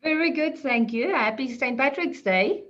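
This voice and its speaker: A woman's voice: high voice, expressive, normal speed, fairly bright tone. Chatty woman on a muffled call. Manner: chatty, laughs often, self-deprecating. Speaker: property law expert panelist. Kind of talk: conversational explanation. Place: online video call. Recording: muffled video call audio.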